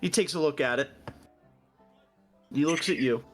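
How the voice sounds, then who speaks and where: A man's voice: fairly high pitch, normal speed, soft background music. A young man narrating a tabletop game as game master, playful and lightly voicing the characters. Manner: playful storytelling, voices orc characters lightly.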